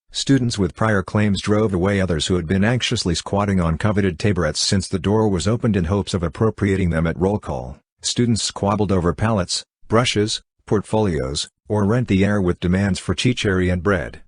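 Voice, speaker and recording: A man with a very low, husky voice narrates a classic book in a steady, even way. The sound is dry and close. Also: normal speed, hardly any pauses, no room sound. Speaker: audiobook narrator. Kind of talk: scripted narration.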